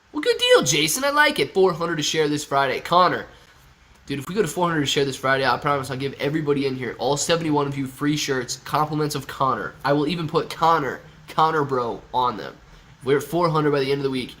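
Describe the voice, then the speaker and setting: A man's voice: fairly high pitch, sharp tone. A man hosting a live stream, chatting casually and reading viewer comments aloud, his voice stuffy and congested from a cold. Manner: reads chat comments aloud, joking and chatty. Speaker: livestream host.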